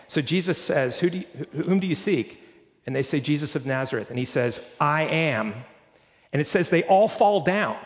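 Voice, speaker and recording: A man's voice: fairly high pitch, long reverb tail. A pastor delivering an earnest, emphatic sermon, his intensity rising and falling.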